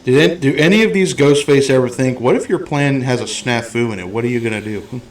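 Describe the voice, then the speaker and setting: This man has a medium-pitched voice and a brisk delivery. As a podcast host discussing a film, he keeps things casual, blunt and full of profanity, spinning animated stories.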